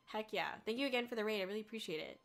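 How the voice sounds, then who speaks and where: A woman's voice: medium pitch, lively intonation, very fast, faint music behind. A woman streamer in casual chat with her viewers, reading their messages aloud, swearing freely and fighting back tears. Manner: swearing freely, laughing and choking up. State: tearful. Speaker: VTuber streamer.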